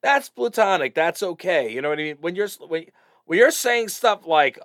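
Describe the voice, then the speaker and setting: A middle-aged East Coast American man co-hosting a podcast, rambling and animated with lots of "you know" fillers. His voice sits a bit high and swoops up and down expressively. The recording is dry and close. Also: fairly quick, dry recording. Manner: rambling, animated, swears casually. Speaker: podcast co-host. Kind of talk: casual chat.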